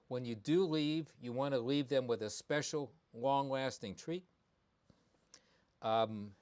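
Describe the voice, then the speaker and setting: A man, a veterinarian hosting a live show, talking with emphasis and repeating his key points, with ums and restarts. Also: medium pitch. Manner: conversational with many ums and restarts. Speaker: veterinarian host. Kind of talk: live talk on pet behavior.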